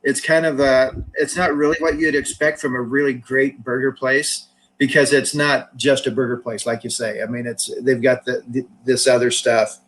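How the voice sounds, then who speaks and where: A man's voice: medium pitch, little pitch movement, moderate pace, a bit bright, rough recording. A man in casual chat, easygoing and agreeable as he weighs in on the food.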